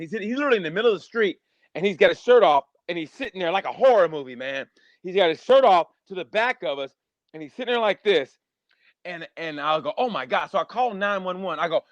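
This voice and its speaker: A man, a stand-up comedian, telling stories in a rambling, animated way during a casual podcast chat. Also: on the high side, dry recording. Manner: animated, rambling storyteller, acts out voices.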